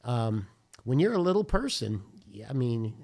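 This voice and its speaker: A man's voice: medium pitch, very animated, normal speed, gravelly, darkish tone. A man who is a pastor, talking casually and earnestly, retelling a personal story vividly and acting out bits of dialogue. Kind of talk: casual podcast chat, storytelling.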